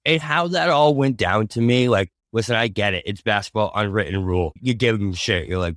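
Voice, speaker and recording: Lower-voiced guy on a sports podcast, earnest, kinda rambly, dry sound. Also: a little fast, hardly any pauses, a bit bright, no echo. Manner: earnest, rambling opinions, trails off low. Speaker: podcast co-host. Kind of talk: casual sports chat.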